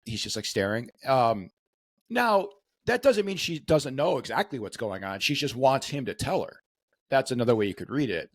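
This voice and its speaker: A man with a mid-range voice co-hosts a relaxed podcast, agreeing readily and chiming in often, with hesitant fillers. His voice is close and dry on the mic. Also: mid-range voice, moderate pace, no echo. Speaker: podcast co-host. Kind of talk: casual chat.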